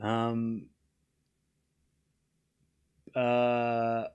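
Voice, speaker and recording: A man's voice: mid-range voice, unhurried, hardly any pauses, sharp tone, clean tone. A man hosting a live stream, chatting casually, often laughing and joking sarcastically as he reads and answers his chat.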